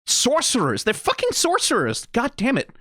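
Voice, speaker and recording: A channel host giving excitable, profane, rambling reaction commentary on an animated episode. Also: mid-range voice, moderate pace. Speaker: video reactor.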